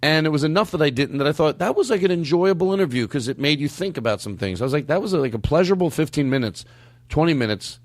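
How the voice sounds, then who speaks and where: Excitable comedy podcast guy, kinda high voice, swears a lot, laughs constantly. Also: fast talker, no echo. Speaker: podcast host. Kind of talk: casual comedic banter.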